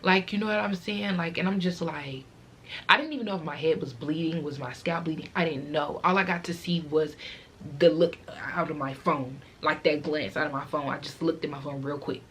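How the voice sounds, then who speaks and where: A woman's voice: low voice, fairly quick, a bit bright, a little hiss or hum. A teenage girl vlogger telling a casual, rambling storytime, fighting back tears as she talks.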